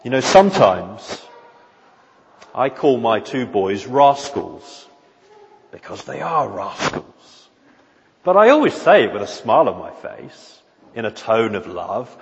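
A man's voice: mid-range voice, very animated, slow, creaky, long pauses. Earnest man preaching a sermon. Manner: earnest, emphatic repetition and frequent restarts. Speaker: pastor. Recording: dull lo-fi sound with long hall reverb.

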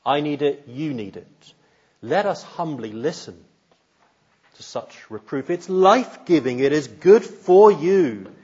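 A man's voice: fairly high pitch, expressive, slow pace, darkish tone, breathy edge, muffled recording. A man preaching a sermon in an earnest, searching way, putting pointed questions to his listeners.

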